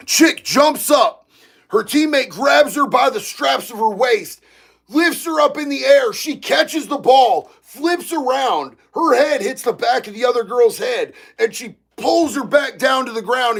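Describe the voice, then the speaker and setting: High-voiced, gravelly excitable man. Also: a little slow. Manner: excitable, profane, bursts into shouting. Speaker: livestream host reading chat. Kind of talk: casual livestream chat.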